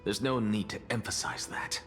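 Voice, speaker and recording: A man's voice: lowish voice, normal speed, fairly bright tone, soft background music, lightly acted. Anaxa, a man voicing a curt, aloof scholar. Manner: dry, curt, self-assured. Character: aloof, proud male scholar professor. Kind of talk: video game voice acting.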